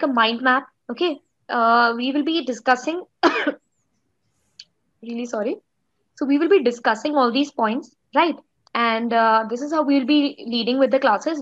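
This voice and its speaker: A woman's voice: high-pitched, lo-fi sound. A young woman teacher with an Indian English accent, giving an online class in a chatty way, full of "okay" and "like".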